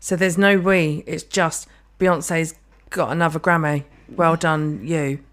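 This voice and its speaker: This is a woman in her thirties with a slightly low voice, co-hosting a chatty podcast. She rants in a joking, sweary way. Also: steady tone, slow pace. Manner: ranting, sweary, jokey. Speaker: podcast co-host. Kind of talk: casual chat.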